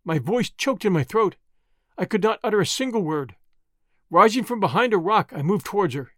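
High-voiced man narrating an audiobook. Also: expressive, normal speed, no echo, clean studio sound. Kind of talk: scripted first-person narration.

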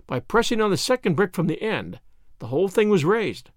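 Lively-voiced male audiobook narrator. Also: high-pitched, dry recording, studio quality. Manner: measured, expressive storytelling. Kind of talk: scripted narration of a detective story.

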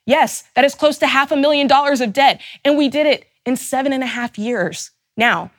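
A woman's voice: high voice, normal speed, no room sound, clean studio sound. A woman host giving a fervent, emphatic motivational talk, stacking rhetorical questions and openly angry on her listeners' behalf. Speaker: personal finance show host.

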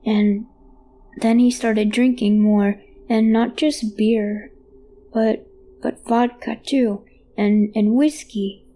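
Mellow woman narrating a spooky story as a scared kid, hushed and halting, trips over words. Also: on the high side, steady tone. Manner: halting and hushed, childlike phrasing. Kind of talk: first-person horror story narration.

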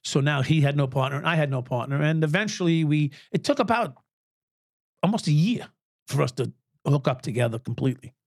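A man's voice: on the high side, expressive, fairly quick, dry recording, clean studio sound. A man in his sixties, a former police officer and podcast guest, telling candid stories bluntly, swearing freely and chuckling as he talks. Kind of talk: candid conversational storytelling. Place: podcast studio.

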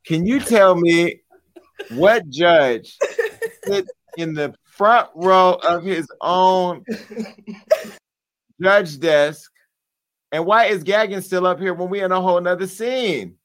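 A man's voice: high voice, a bit bright. Brash, joking talk show host man. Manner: profane, joking, rapid banter. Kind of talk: casual chat.

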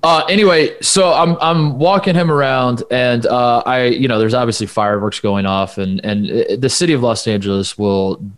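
A man's voice: medium pitch, steady tone, normal speed, hardly any pauses. Rambling man podcast co-host. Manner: rambling, self-interrupting storyteller. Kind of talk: casual chat. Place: home studio with his dog.

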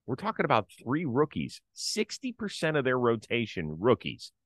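A man's voice: mid-range voice, huge pitch swings, normal speed, no room sound, clean studio sound. A middle-aged man hosting a casual sports talk show, leading the conversation and setting up topics. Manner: conversational, leads the segments. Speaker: podcast host.

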